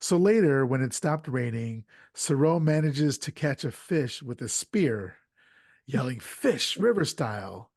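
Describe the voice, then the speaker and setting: A man's voice: medium pitch, darkish tone, dry recording. Podcast host, man, mid voice, dry booth sound, chatty plot recapper. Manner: retells plot with quick acted quotes. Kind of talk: casual movie recap chat.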